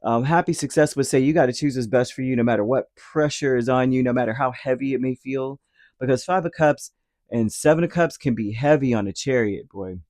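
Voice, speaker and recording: This tarot reader talks a little fast in a mid-range, darkish voice, recorded clean in the studio with no room sound. His casual reading rambles, leans heavily on fillers and drops into short acted-out quotes.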